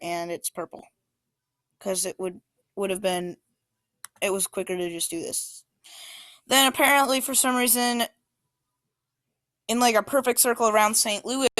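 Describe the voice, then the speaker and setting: A woman walks through a set of maps in an easygoing, informal way, often pausing on fillers and restarting her sentences. Her voice is smooth and clear. The recording is dry and close. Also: mid-range voice, fairly bright tone, no echo. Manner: informal, hesitant, many fillers. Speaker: student presenter. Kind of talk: casual class presentation.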